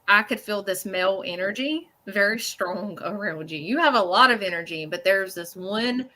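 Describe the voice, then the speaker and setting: A woman working as a psychic medium, giving a live reading to a caller in a halting, earnest way. She uses many fillers, often checks in with "okay?", and speaks bluntly. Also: medium pitch, pushed and bright.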